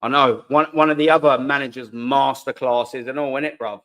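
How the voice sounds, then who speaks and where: A man's voice: mid-range voice, fairly even intonation, fairly quick, a bit bright. A young British man hosting a fan live stream who rants heatedly and sarcastically at comments, swearing freely. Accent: British English. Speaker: fan channel host.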